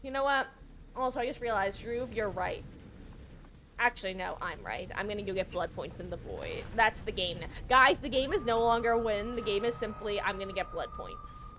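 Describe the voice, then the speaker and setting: A young woman chats loosely while she plays a game, drifting between stories and laughs, plainly short on sleep. Her voice sits in a middle pitch, with a faint hum in the background. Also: sing-song, moderate pace, bright, forceful tone. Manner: rambling, giggly, self-deprecating. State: sleep-deprived, yawning. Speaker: streamer. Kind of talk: casual gaming stream chat.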